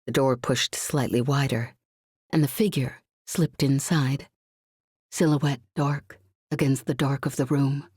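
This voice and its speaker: A woman narrating a suspenseful science fiction audiobook in a measured, tense reading. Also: a bass voice, steady tone, a little mellow, slightly rough, dry recording, studio quality.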